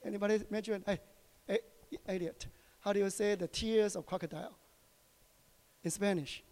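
A high-pitched man with a Taiwanese accent preaches in a church, his English halting as he keeps tossing questions to the congregation. His voice rings out with a long reverb through the hall. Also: steady tone, darkish tone. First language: Chinese. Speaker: pastor. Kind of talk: sermon.

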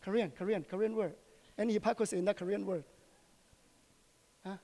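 A man from Taiwan with a Taiwanese accent, preaching a sermon in halting English and often asking the congregation questions. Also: high voice, fairly even intonation, mellow, in a large hall. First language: Chinese. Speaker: pastor. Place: church hall.

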